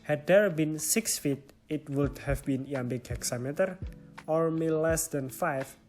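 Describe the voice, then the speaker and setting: A man's voice: fairly high pitch, a little slow, darkish tone, soft background music. A young man with an Indonesian accent, a student presenting a stylistics lesson and explaining it step by step. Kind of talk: reading a class presentation.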